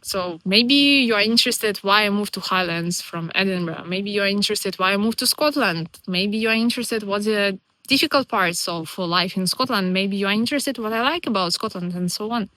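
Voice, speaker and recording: A woman vlogs straight to camera in a casual, chatty way, earnest and enthusiastic. Her English has non-native phrasing. Her voice is bright and clear, and the recording is dry and close. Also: medium pitch, brisk, no echo. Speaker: vlogger living in Scotland as a foreigner.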